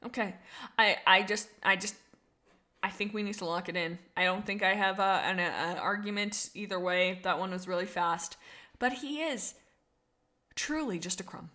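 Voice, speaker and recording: In a casual livestream, a young woman goes through viewer comments, giggling, bubbly and rambling, frequently laughing and starting over. Her voice is medium in pitch, pushed and bright, at a normal speed.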